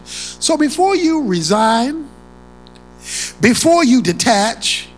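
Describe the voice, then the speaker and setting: A preacher delivers a sermon with a lively voice that leaps up and drops low. Key phrases come back again and again for emphasis, and loud declarations give way to hushed asides. Faint music plays underneath. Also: a little slow, pauses often, rough recording.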